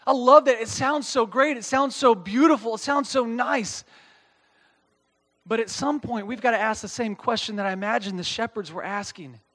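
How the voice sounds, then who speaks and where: A man with a notably high speaking voice delivers a casual, animated sermon. He reads scripture, then breaks it down in everyday language and often pauses to ask his listeners "okay?". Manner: reads scripture aloud, then explains it plainly. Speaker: pastor. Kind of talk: conversational sermon.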